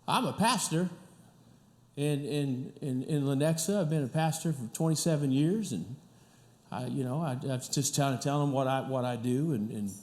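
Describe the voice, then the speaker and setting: A middle-aged pastor from the Kansas City area, telling a story in a sermon, chatty and animated with many restarts. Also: male voice, mid-range voice, moderate pace.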